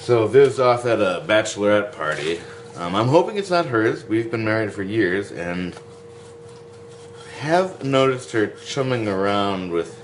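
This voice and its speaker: A man with a fairly low pitch hosts a podcast against a noisy background. He chats casually and comedically, staying goofy and jokey with occasional sing-song bits.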